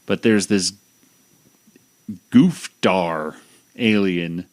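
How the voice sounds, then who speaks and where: A man's voice: low voice, drawn-out words, noisy background. A man hosting a podcast, casually recapping a cartoon episode in a rambling way with lots of fillers and restarts. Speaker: podcast host.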